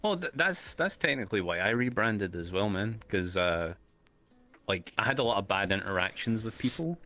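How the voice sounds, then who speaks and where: An easygoing male host chatting casually in a slangy, relaxed way. His voice sits on the low side but sounds bright and forceful in tone. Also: moderate pace, faint music behind. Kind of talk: casual interview chat.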